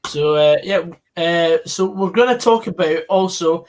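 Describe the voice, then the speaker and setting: Man, fairly high voice, casual live-stream host, chatty, lots of fillers. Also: unhurried. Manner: chatty, filler-heavy, reads out comments.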